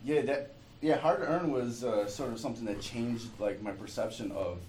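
A man from Detroit chatting casually in a thoughtful, laid-back way, pausing often with fillers. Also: mid-range voice, darkish tone, reverberant, a little hiss or hum, rough recording. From Detroit, USA. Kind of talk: casual chat.

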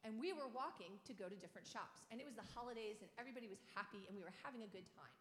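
A middle-aged woman pastor telling a children's sermon as an animated storyteller, asking the kids questions. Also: mid-range voice, rapid-fire, slight background noise. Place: church sanctuary. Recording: echoey hall, roomy reverb.

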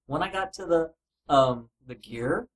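High-voiced man hosting a casual chat. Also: lively intonation, a little slow. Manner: hesitant, many fillers. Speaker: podcast host steering topics. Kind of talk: casual group chat about a video game.

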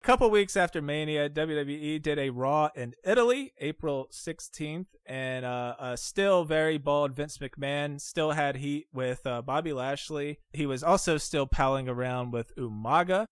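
A man's voice: on the high side, unhurried, few pauses, smooth, no echo, clean studio sound. A man hosting a casual podcast, recapping events and laughing along with his co-host.

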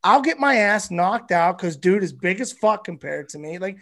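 High-voiced man telling a profane story. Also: moderate pace. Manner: animated, profane, rambling. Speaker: podcast guest, comedian. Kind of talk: casual storytelling.

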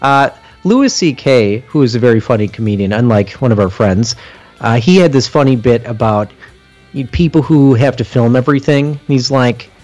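A young man co-hosting a casual podcast, joking and cursing in lively banter. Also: medium pitch, moderate pace, highs cut off, faint music behind. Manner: animated, profane, joking banter. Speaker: podcast co-host.

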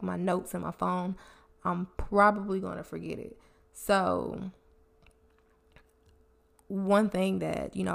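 On her solo advice podcast, a woman speaks in a creaky, lowish voice. She talks in a relaxed, chatty way, sharing communication tips while admitting to habits of her own.

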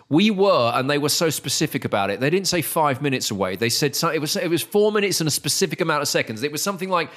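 A man hosting a casual podcast chat, ranting with exasperation and climbing higher when he gets worked up. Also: animated, fast talker, few pauses, fairly bright tone. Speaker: podcast host.

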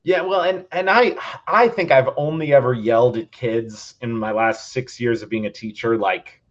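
A man's voice: mid-range voice, moderate pace. A man who is a teacher, hosting a casual podcast conversation in an easygoing, agreeable way. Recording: slightly dull, lo-fi audio.

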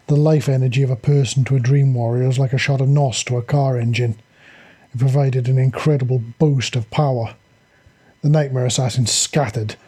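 A man reading a fantasy story aloud with steady, dramatic storytelling. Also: medium pitch, husky. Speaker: audiobook narrator.

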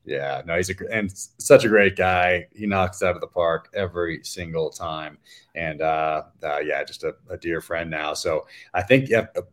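A man's voice: low voice, moderate pace. A middle-aged man, an author guest on a casual podcast interview, telling stories in a rambling way with many fillers.

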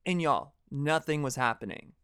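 A young man hosting a podcast, telling a personal story in a dramatic, animated way and swearing freely. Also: on the high side, normal speed, clean tone, no echo, clean studio sound. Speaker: podcast host. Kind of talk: casual storytelling monologue.

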